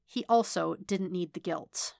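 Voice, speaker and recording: A woman reading fan fiction aloud as a podfic narrator, measured and even. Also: fairly low pitch, gravelly, no room sound, studio quality. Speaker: podfic reader. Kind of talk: audiobook-style fiction reading.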